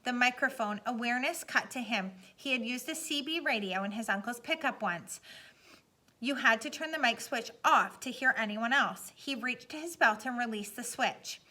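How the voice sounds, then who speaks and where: Bright-voiced woman reading a novel aloud. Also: fairly high pitch, moderate pace. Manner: steady dramatic reading. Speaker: audiobook narrator. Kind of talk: scripted narration.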